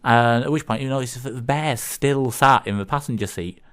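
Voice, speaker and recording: A man's voice: medium pitch, normal speed, fairly bright tone. A man from England with a Northern English accent, co-hosting a community radio show and telling jokes in a rambling, hesitant way. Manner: rambling, hesitant, full of fillers. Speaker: radio co-host.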